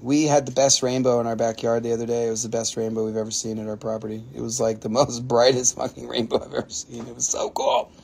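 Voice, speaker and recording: A man with an Appalachian accent hosting a live mineral sale, excitable and jokey, swearing casually as he talks. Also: mid-range voice, fast, creaky, few pauses, slightly rough.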